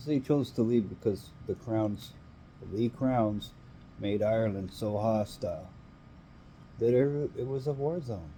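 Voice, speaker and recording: A man's voice: on the low side, unhurried, dark tone, slight background noise. A Canadian man ranting in an angry, emphatic monologue, swearing now and then.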